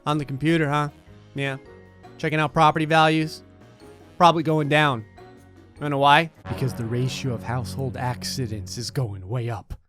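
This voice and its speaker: A man's voice: medium pitch, steady tone, moderate pace, a bit bright, faint music behind. A man giving gleeful, sarcastic let's play commentary, laughing often. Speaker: gaming commentator.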